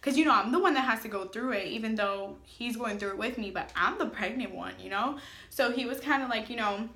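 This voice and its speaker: A young adult woman, a family vlogger, chats casually through a storytime vlog, filling it with filler words and plenty of "like." Her fairly high voice is brisk and a bit bright, and the recording is reverberant.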